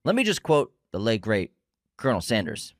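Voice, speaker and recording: A man's voice: fairly low pitch, wildly swooping pitch, normal speed, no room sound, clean studio sound. A man co-hosting a movie podcast, chatting casually and quizzing his co-host. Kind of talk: casual chat, quiz questions.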